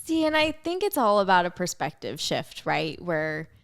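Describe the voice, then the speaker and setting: A woman's voice: on the low side, moderate pace, no room sound, studio quality. A young woman hosting a podcast, chatting casually and upbeat about dating and being single. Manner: upbeat, animated storytelling. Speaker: podcast host. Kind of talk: casual chat.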